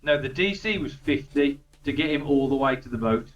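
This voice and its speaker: A man's voice: mid-range voice, animated, fairly quick. Man running a tabletop game. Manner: chatty, swears freely, loose rambling narration. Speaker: dungeon master. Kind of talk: narrating a tabletop game, casual. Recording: distant roomy lo-fi recording.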